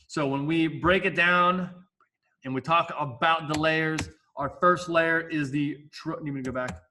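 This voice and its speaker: A man's voice: a little high, steady tone, measured pace, bright, forceful tone, a little hiss or hum. A male science teacher giving a casual, jokey classroom lecture with asides.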